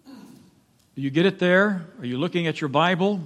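A man preaching a sermon in a church, emphatic, swinging from loud pleading to hushed, quiet tones. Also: sits high, normal speed. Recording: long reverb of a large hall.

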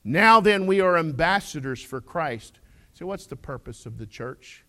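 A male pastor delivers a folksy sermon with a fairly high voice that rises and falls dramatically. He booms out declarations, drops to quiet asides, and keeps throwing questions at his congregation. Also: animated, unhurried. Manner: swings between loud declarations and quiet asides.

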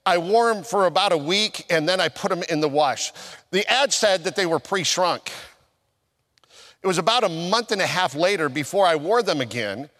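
A male pastor preaching a sermon, telling a personal story and acting out his own past conversations, with swings from loud emphasis down to near-whispers. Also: high voice, expressive, normal speed, big-room sound.

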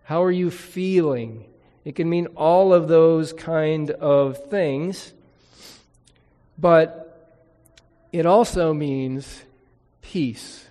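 Slow-speaking male preacher in a hall. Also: a little high, mellow. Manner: teaching, explains Hebrew words and reads scripture aloud. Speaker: pastor. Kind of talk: sermon.

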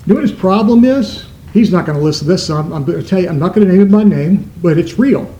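A male pastor delivering a sermon in a high voice, leaning on words with sudden emphatic rises and drops in pitch. The sound carries a roomy echo, as from a church hall. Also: animated, fast, warm tone, dull audio. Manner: preaching with emphatic shifts in pitch.

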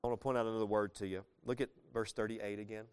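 A man's voice: on the low side, flat delivery, rapid-fire, clear, resonant tone. A man in his thirties, a pastor giving a casual, earnest verse-by-verse sermon with sudden swells of emphasis.

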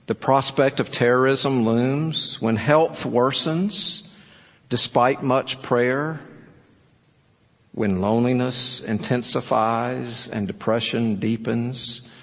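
A man's voice: medium pitch, gravelly, big-room sound. A man preaching a sermon in an earnest, urging way, telling stories to make his point. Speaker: pastor.

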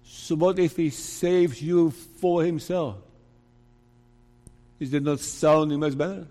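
Slow, emphatic preacher in a reverberant hall. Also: male voice, fairly high pitch, steady tone, warm tone. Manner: deliberate, emphatic preaching with rhetorical questions. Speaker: pastor. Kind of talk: sermon. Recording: long reverb of a large hall.

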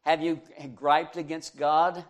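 A man with a notably high voice delivers a sermon. He talks earnestly, puts questions straight to his listeners, and moves between loud, pressing emphasis and soft, low asides. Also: little pitch movement, slow pace. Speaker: preacher.

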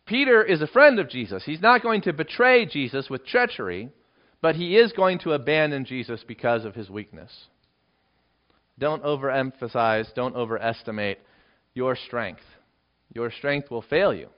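Lively, emphatic male preacher. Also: mid-range voice, normal speed. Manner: emphatic, rising into dramatic readings of quoted lines. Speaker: pastor. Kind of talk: expository Bible sermon. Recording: dull lo-fi recording.

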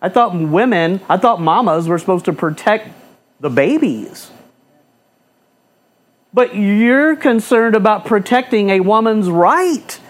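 Impassioned high-voiced preacher man. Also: animated, takes it slowly. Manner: impassioned, rhetorical questions, repeats phrases. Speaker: pastor. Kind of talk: fiery sermon. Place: church.

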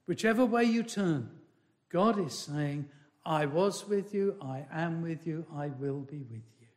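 A man preaching a sermon in a slow, emphatic way, repeating key phrases and swinging from loud declarations to hushed asides. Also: fairly high pitch, lively intonation.

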